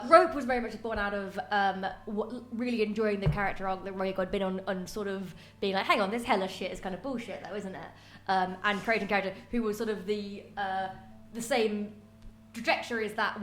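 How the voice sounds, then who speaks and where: A woman's voice: mid-range voice, steady tone, quick pace, roomy sound, slight background noise. A British woman, a player on stage, answering a question at a live Q&A in a rambling way, with many fillers. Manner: rambling, full of filler and self-correction. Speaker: player on the panel. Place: small theatre with a live audience.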